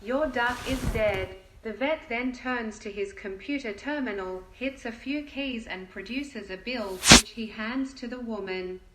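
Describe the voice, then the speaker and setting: A woman's voice: fairly high pitch, measured pace, hardly any pauses, noisy background. Woman narrating a joke in a roomy space. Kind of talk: reading a joke aloud.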